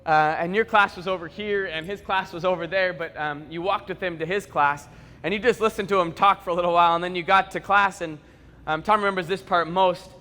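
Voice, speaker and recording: A man voicing a nervous, earnest teenage girl who talks softly and hesitantly, with many pauses. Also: high voice, fairly even intonation, in a large hall. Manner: soft, hesitant, many ums.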